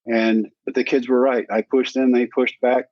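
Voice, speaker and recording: Man around 60, guest storyteller, acts out quotes, mid pitch, dry close sound, slightly muffled. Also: moderate pace, dry recording. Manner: animated storyteller who acts out quoted dialogue. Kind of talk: storytelling in a sit-down conversation. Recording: dry, slightly dull recording.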